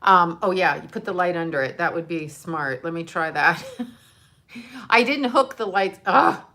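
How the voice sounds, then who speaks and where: A woman's voice: lowish voice, a little slow, pushed and bright. An older woman, a grandmother, chatting casually and emotionally on a livestream, rambling and swearing now and then. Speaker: livestream host.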